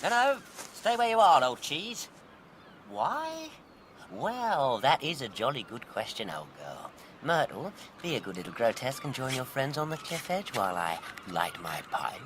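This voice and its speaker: An actor playing a smug, insulting upper-class English spy villain in a comic radio drama, with a pompous, sneering manner. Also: male voice, mid-range voice, big pitch swings, normal speed, a bit bright, slight background noise.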